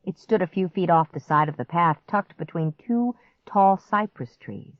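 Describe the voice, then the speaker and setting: A woman narrating a children's story in the first person, slow and expressive. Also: fairly low pitch, no echo. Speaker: audiobook narrator. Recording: dry, slightly muffled audiobook recording.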